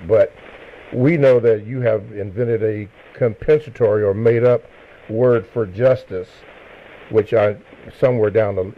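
A man hosting a live radio interview, speaking hesitantly with frequent pauses and fillers. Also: fairly low pitch. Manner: hesitant, with many fillers and restarts. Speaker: radio host. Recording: narrow radio broadcast sound.

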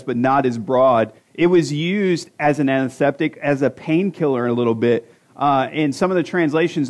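Conversational pastor in his forties, joking. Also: medium pitch. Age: 40s. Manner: conversational, self-deprecating jokes, rhetorical questions. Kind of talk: sermon. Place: church sanctuary.

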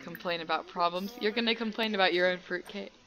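A woman's voice: fairly low pitch, fast talker, a bit bright, rough recording. Chatty young woman narrating a game. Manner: chatty, giggly, bossing her characters around. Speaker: gaming channel host. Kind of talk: casual let's-play commentary.

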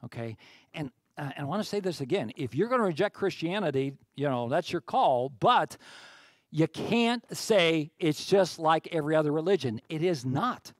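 A man's voice: a little high, sing-song, moderate pace, no room sound. A man preaching a sermon as pastor, talking in a conversational way with many restarts and climbing to emphatic peaks.

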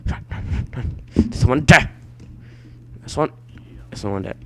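Excitable man swearing at a shooter game. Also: medium pitch, a little slow, a little hiss or hum. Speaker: gameplay commentator. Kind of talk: let's play commentary.

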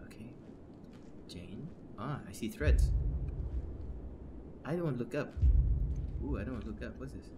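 A man's voice: medium pitch, slow, long pauses, background noise. A man commentating a horror game, jumpy and nervous, rambling jokes to his viewers, his throat sore from screaming. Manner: jumpy, nervous, shrieks and gasps when scared; rambling, jokey self-talk to viewers. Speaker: game streamer.

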